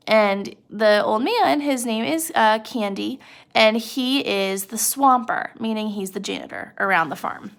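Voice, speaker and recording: A woman's voice: mid-range voice, creaky, fairly bright tone. A young woman teaching a literature lesson in a chatty, casual way, addressing the listener directly and using lots of fillers.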